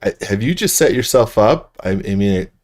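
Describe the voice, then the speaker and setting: A man hosts a laid-back livestream tutorial on modeling furniture in 3D software, muttering to himself while he works, trailing off mid-sentence, and laughing at himself often. His voice is on the low side, expressive, darkish, and at a normal speed.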